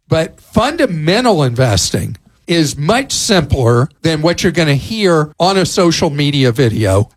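A man with a fairly high, lively voice talks listeners through money matters. He gives plain-spoken advice in a radio consumer segment. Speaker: consumer expert.

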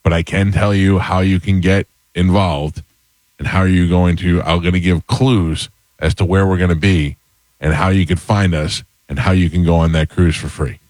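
A man in his fifties hosting a radio talk show, telling rambling stories in a relaxed, casual way. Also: low-pitched, moderate pace, dry recording. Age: 50s. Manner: relaxed storyteller, rambling with restarts.

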